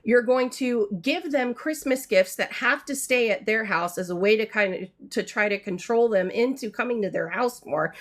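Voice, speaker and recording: Frustrated mother in her thirties, venting in a casual livestream, rambling with fillers. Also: a little high. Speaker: mother telling a family story. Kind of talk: casual storytelling to viewers. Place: home art studio. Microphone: livestream mic.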